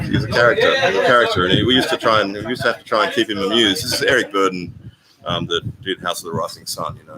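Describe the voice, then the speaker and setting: An older man chatting casually on a live stream, rambling and halting with many ums and restarts. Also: sits low. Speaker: vlogger hosting a live stream. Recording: noisy live-stream phone audio.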